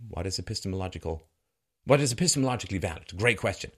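A man's voice: rapid-fire, slightly rough. A middle-aged man giving a sardonic monologue commentary that mocks what he criticizes, with bursts of laughter. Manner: sardonic, mocking, with lively swings in pitch and bursts of laughter.

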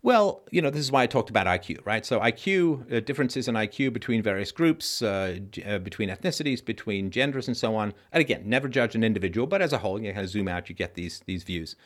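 A male host with an expressive, trained voice, answering viewer comments in a live-stream Q&A with a conversational manner and halting restarts. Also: on the low side.

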